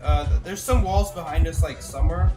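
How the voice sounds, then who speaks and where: A young adult game streamer telling stories in casual chat, animated and often asking "right?". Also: medium pitch, fairly quick, music in the background. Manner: animated storyteller, tags lines with "right?". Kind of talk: casual chat while gaming.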